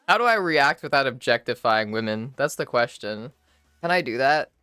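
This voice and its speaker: Relaxed, giggly woman streamer chatting. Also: extremely low pitch, normal speed, smooth, dry recording. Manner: relaxed, swears freely, giggles shyly; reads and answers chat messages. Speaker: livestreamer. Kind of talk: casual chat with stream viewers.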